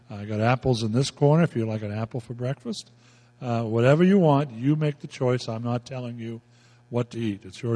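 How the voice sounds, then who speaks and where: A man's voice: mid-range voice, dark tone, big-room sound. A male pastor preaching a folksy, emphatic sermon, repeating himself as he explains scripture.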